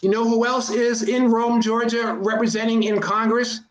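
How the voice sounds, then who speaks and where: High-voiced man rambling in an echoey room. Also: level tone, moderate pace. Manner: rambling storyteller, repeats words while telling anecdotes. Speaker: interview guest, filmmaker and teacher. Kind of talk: casual conversation.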